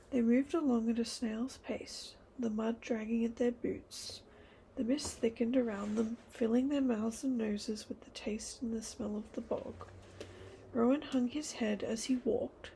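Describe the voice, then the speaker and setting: A woman reading a children's novel aloud in a hushed, breathy whisper. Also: fairly high pitch, steady tone, measured pace, slight background noise, poor audio. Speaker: storybook reader.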